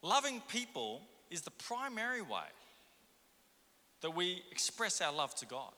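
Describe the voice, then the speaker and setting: A man's voice: high-pitched, big pitch swings, measured pace, pushed and bright, long reverb tail. A man preaching a sermon as pastor, firing rhetorical questions at the congregation. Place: church.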